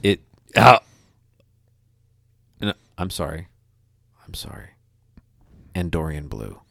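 Brief: deep, dry-sounding male podcast host, eager and rambling. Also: sing-song, slow pace, creaky, a bit bright, dry recording. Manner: enthusiastic, rambling with many restarts. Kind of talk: casual chat.

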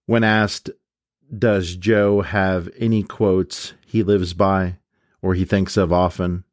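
A man with a very low voice talks through a book in a relaxed, casual way. He reads passages aloud and frames them with "quote" and "unquote". The sound is dry and close, with no room echo. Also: slow pace. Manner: relaxed, with frequent fillers and restarts. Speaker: book reviewer.

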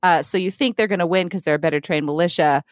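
A woman's voice: on the low side, fast talker, no echo, clean studio sound. A woman with a Missouri accent co-hosting a podcast, chatty and giggly as she reads from her notes. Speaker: podcast co-host. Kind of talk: casual podcast chat.

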